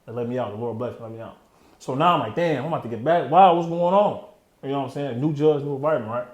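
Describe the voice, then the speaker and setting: A fast-talking interview guest in his thirties, medium-pitched with a darkish tone, shares his story openly. He uses lots of street slang and frequently lets sentences trail off, and the audio is dull in an echoey room.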